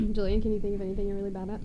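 A woman's voice: medium pitch, flat delivery, racing, background noise. A woman co-hosting a podcast, chatting casually and laughing easily. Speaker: podcast co-host. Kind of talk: casual chat.

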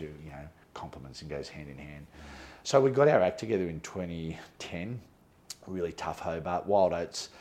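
Man, middle-aged, very low voice, animated storyteller, lots of ums and restarts. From Australia. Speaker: guest. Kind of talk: storytelling interview.

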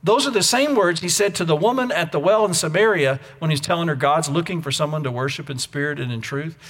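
A man with a slightly high voice preaches a sermon from the pulpit. He drives his points hard, then drops to a near-whisper. The sound carries a long reverb from a church sanctuary. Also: fast. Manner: swings from loud emphatic to hushed near-whisper. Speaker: pastor.

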